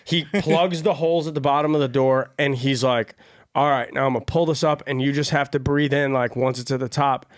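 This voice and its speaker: A young man, a guest on a podcast, telling stories in a relaxed way and saying "bro" a lot. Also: medium pitch, fairly quick, dry recording, studio quality. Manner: relaxed storyteller, says "bro". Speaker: guest artist. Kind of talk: casual chat.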